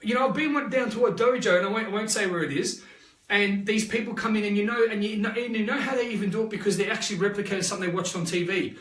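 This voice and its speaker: A high-pitched Australian man coaching his audience in a live motivational session. He talks energetically and rambles, repeating points and tossing out quick tag questions. His voice sounds distant from the mic in an echoey room. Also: fairly bright tone. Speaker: life coach.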